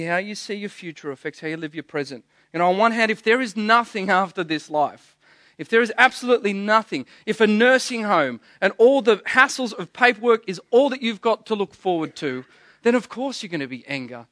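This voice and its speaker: A pastor preaches a sermon, telling stories earnestly and frequently stammering and restarting his words. His voice is high and fairly bright. The recording is studio quality with no room sound.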